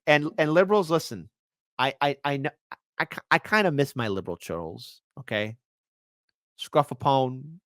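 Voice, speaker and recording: A woman from Chicago hosts a casual online commentary show with a teasing, mocking delivery. Her voice sits low but leaps around in a lively way. The sound is dry and close. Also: moderate pace, dry recording. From Chicago, USA. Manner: mocking, playful, bouncy delivery.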